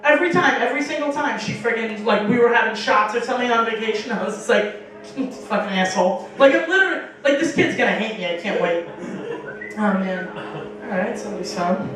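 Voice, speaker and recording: A young woman with a slightly high, expressive, fairly quick and fairly bright voice tells profane stories with acted-out quotes in a stand-up set. She's on a small bar stage facing a live audience, and the room echoes into a distant mic.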